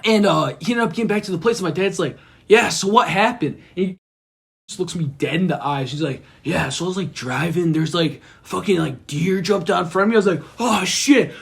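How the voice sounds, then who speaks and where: A young man on a podcast, telling a story in an animated way, swearing and acting out the voices of the people in it. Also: sits high, quick pace, gravelly, breathy edge. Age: young adult. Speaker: podcast guest. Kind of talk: casual chat.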